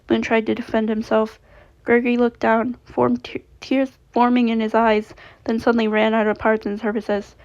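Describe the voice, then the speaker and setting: A woman's voice: a little high, flat delivery, moderate pace, creaky. A woman reading her fanfiction story aloud in a plain way, with small slips and self-corrections. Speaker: fanfiction reader. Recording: dull lo-fi recording.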